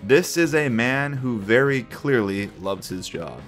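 Man, video essay host, conversational review, lively intonation. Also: medium pitch, measured pace, over loud music. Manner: opinionated, conversational commentary. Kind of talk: reviewing a children's TV series.

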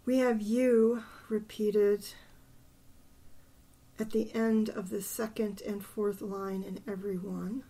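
An older woman hosting a poetry channel, thinking aloud and softly counting syllables under her breath as she picks a poem apart. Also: mid-range voice, level tone, slow. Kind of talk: casual poetry analysis.

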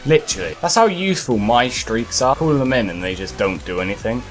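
Man, gameplay commentary, frustrated, swears a lot, lively up-and-down pitch, faint music behind. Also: brisk. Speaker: gaming commentator.

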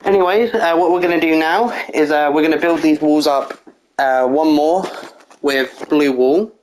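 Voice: mid-range voice, moderate pace, a little mellow, slight background noise, low-quality recording. A narrator giving a casual walkthrough voice-over of a block build, explaining each step methodically, counting aloud and correcting small slips with an apology.

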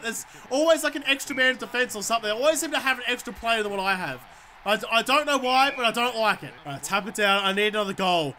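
A man giving excitable let's-play commentary, swearing and shouting at the game as he plays. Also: high voice, a little fast, slight background noise. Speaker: gamer.

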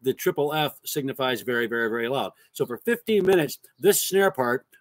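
A man's voice: mid-range voice, expressive, fairly quick, dry recording. A man teaching a casual drum lesson, explaining parts in a loose, plain way and counting rhythms aloud.

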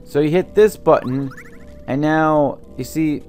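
A young man commenting on a video game as he plays, ranting angrily about his family and swearing, his throat sore from yelling. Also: fairly high pitch, unhurried, soft background music. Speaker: let's play host. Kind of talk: gameplay commentary.

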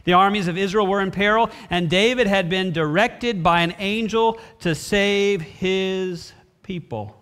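High-voiced, bright preaching man. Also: unhurried, clean tone. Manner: expressive preaching, acts out brief voices of biblical characters. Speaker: pastor. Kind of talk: sermon. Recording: reverberant hall.

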